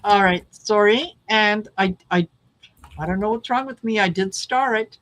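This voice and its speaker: A woman's voice: mid-range voice, normal speed, a bit bright, rough recording. A woman hosting a live tarot reading stream, chatting casually and calling out viewers by name. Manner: friendly, calls out viewer names.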